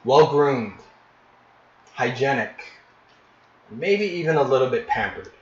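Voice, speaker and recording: A man narrating as game master, painting scenes in vivid detail with frequent pauses and restarts. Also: medium pitch, expressive. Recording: echoey, dull lo-fi room recording.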